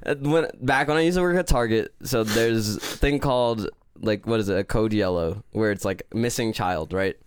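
A man co-hosting a podcast, telling animated stories and acting out the people in them. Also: lowish voice, moderate pace, hardly any pauses, slight background noise. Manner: animated storyteller who acts out voices. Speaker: podcast co-host. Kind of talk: casual chat.

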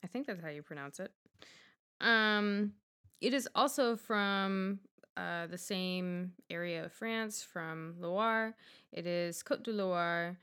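A woman's voice: fairly low pitch, slow pace, a bit bright, clear, resonant tone. A young woman hosting a casual podcast chat, rambling with lots of fillers and teasing her co-host.

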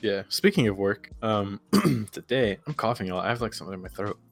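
Lowish-voiced man, laughing storyteller. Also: lively intonation, fairly quick, creaky, soft background music. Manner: rambling storyteller, laughs often. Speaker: podcast co-host. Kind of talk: casual chat.

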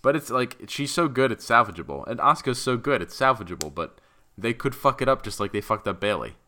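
Profane ranting man with a bright voice. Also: mid-range voice, animated, brisk. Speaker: podcast co-host. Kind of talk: casual wrestling podcast chat.

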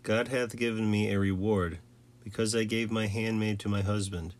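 A man's voice: on the low side, fairly even intonation, lightly acted. Leah, a man reading the lines of a rivalrous ancient wife. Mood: earnest. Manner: plainly read, measured.

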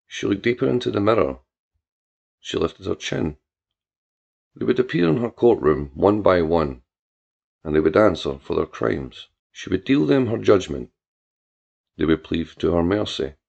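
Gravelly deep male storyteller. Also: expressive, a little mellow, muffled recording. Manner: slow, solemn, measured. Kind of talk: dramatic fiction narration. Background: music.

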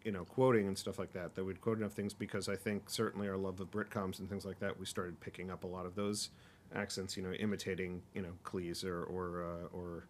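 A man's voice: low-pitched, flat delivery, fairly quick, slight background noise. A man co-hosting a podcast, talking casually and rambling with lots of fillers and restarts. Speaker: podcast co-host. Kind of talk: casual chat.

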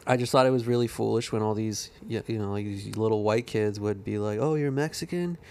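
A man's voice: fairly low pitch, little pitch movement, fairly quick, gravelly, darkish tone. A man guesting on a podcast in casual chat, laid-back and hesitant, often trailing off. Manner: laid-back, hesitant, says "I don't know" a lot.

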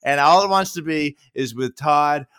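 A man co-hosting a podcast in casual chat, telling animated stories with frequent swearing. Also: fairly high pitch, normal speed, smooth, no echo, studio quality. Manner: animated storytelling, swears, mimics a kitten. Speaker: podcast co-host.

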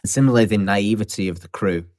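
A man's voice: lowish voice, fast, a little mellow. A man co-hosting a podcast, chatting casually about a film and acting out quotes from it with laughter. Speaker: podcast co-host.

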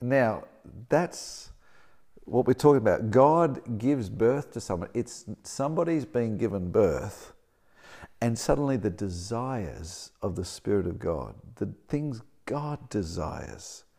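Male preacher, lively storytelling delivery, expressive pitch. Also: takes it slowly, gravelly, husky. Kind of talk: storytelling sermon.

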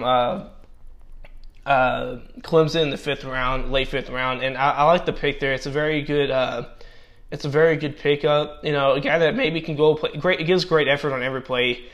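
A man giving casual commentary and grades on football draft picks, talking haltingly with many restarts while he is losing his voice. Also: mid-range voice, fairly even intonation, muffled recording.

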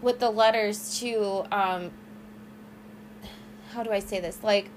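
A woman's voice: medium pitch, steady tone, takes it slowly, a little hiss or hum. A young woman co-hosting a casual true-crime podcast, agreeing often and searching for her words as she shares her ideas. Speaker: podcast co-host.

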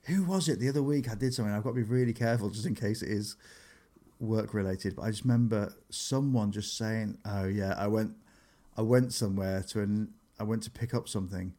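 A man's voice: fairly low pitch, brisk. A man, a comedian telling stories in casual podcast chat and acting out what people said. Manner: animated storytelling, acts out quotes.

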